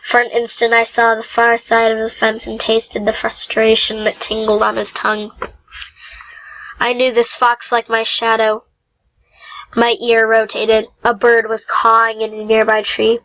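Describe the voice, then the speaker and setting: Slow, higher-pitched woman reading aloud. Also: monotone, fairly bright tone, poor audio. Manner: unhurried reading with slips and throat-clearing. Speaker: reader. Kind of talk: amateur audiobook reading.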